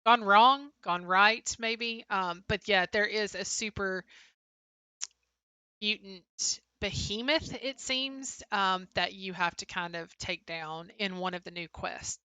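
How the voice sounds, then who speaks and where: Young woman, stream co-host, bright, close dry sound, casual chat-reading, lots of "um". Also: medium pitch, steady tone, slow, clear, resonant tone, no room sound. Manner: chatty, answers chat names, frequent "um" fillers. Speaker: livestream co-host. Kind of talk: casual livestream chat, reading viewer comments.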